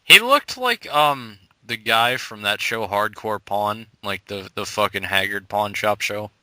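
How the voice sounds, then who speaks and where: Very bright-voiced profane podcast man. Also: fairly low pitch, lively intonation, unhurried, no room sound. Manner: crude, laughing banter. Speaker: podcast co-host. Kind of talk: casual chat.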